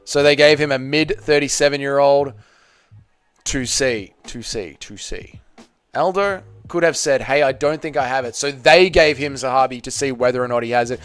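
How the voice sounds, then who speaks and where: A man hosting a live fight watch party, giving blunt, excitable casual commentary, swearing freely and reading chat. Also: mid-range voice, normal speed, clean tone, dry recording, faint music behind.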